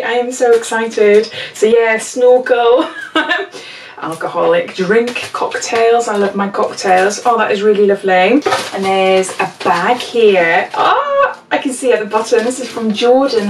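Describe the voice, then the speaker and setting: Forties woman vlogger, bright-pitched, effusive unboxing chat, distant mic. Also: expressive, a little slow, slight background noise. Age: 40s. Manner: gushing, exclamatory, laughs often. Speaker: beauty vlogger. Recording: echoey room, mic set back.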